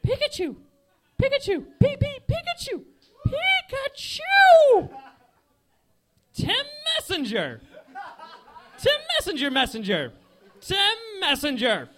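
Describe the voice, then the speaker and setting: A shrieking little creature. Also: male voice, extremely high pitch, wildly swooping pitch, slow pace, pauses often, voice pushed up, full character voice. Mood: frantic. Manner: frantic squealing shouts. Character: shrieking excitable creature, male, small. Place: comedy club stage.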